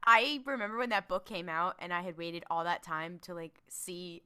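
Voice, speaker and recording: A woman co-hosting a casual podcast, excitable and emphatic as she recalls her reactions. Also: medium pitch, a little fast, few pauses, smooth. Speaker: podcast co-host.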